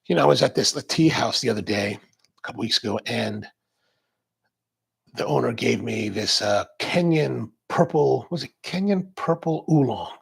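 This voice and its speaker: A man's voice: medium pitch, expressive, normal speed, creaky, slightly rough. A man hosting a coffee livestream, chatting casually and reading out viewer comments in a rambling, chatty way. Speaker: coffee show host.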